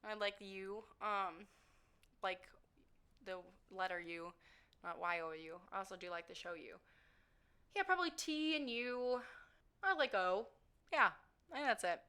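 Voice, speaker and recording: Young woman vlogger with a bright, tense edge to her voice; loose, rambling answers, lots of "like", pokes fun at herself. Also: medium pitch, lively intonation, measured pace, long pauses, smooth. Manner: rambling, chatty, frequent "like" fillers, self-deprecating. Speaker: vlogger answering viewer questions. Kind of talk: casual Q&A chat.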